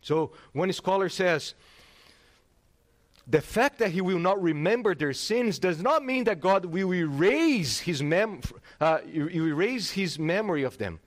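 A middle-aged man preaching a sermon from the pulpit. His voice sits a little high and swings widely in pitch as he presses each point, with frequent restarts along the way. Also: measured pace. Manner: animated, emphatic, with frequent restarts. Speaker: pastor.

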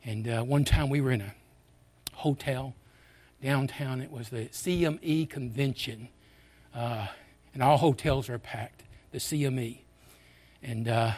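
A man's voice: mid-range voice, a little mellow. Older man, preacher, earnest personal story, conversational, frequent restarts, mid-range voice.

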